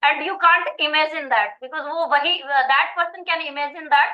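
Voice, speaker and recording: A middle-aged woman with an Indian accent, a school principal giving an earnest, halting conference talk full of fillers. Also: high voice. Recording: echoey, muffled conference audio.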